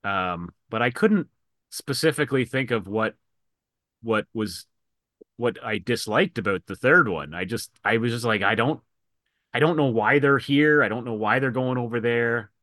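A man's voice: mid-range voice, moderate pace, no room sound, studio quality. A man chatting casually about movies, acting out scenes and quoting characters as he talks. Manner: animated storyteller, acts out lines from scenes.

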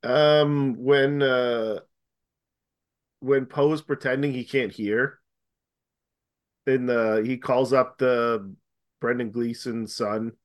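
A man talking casually about movies in a relaxed, hesitant way with frequent pauses. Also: medium pitch. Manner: easygoing, hesitant, many ums and restarts.

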